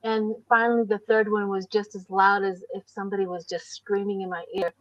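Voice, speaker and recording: A woman's voice: medium pitch, fast, no room sound, highs cut off. Older woman telling stories on a live stream. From United States. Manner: animated storyteller, acts out voices. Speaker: tarot reader host. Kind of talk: casual live-stream chat.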